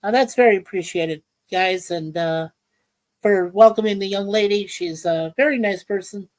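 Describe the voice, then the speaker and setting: A woman hosts a casual livestream from home. She rambles in halting phrases full of fillers and greets chat viewers by name. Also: medium pitch, rough recording. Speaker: livestream host. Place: home in Ontario, Canada.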